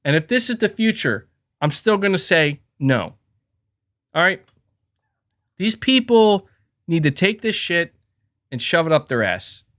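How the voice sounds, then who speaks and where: Male podcast host, swearing rant, very lively pitch, keeps restarting. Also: unhurried, long pauses. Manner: profane and emphatic, frequent restarts.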